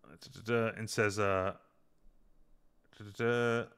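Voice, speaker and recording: A man's voice: lowish voice, fairly even intonation, slow, vocal fry, a bit bright, clear, resonant tone. A man hosting a podcast, recapping a TV episode in casual chat, rambling and humming filler as he retells scenes. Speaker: podcast host.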